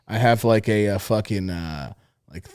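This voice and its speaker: A man's voice: fairly low pitch, unhurried, a little mellow, clear, resonant tone, no room sound. A man co-hosting a podcast, improvising a scene in casual chat, rambling with fillers and swearing. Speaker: podcast co-host.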